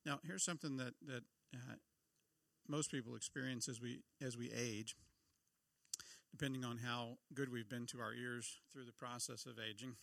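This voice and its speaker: A middle-aged pastor delivers a conversational sermon, frequently posing questions to his listeners. His mid-range voice is gravelly with a sharp tone, and there is no room sound.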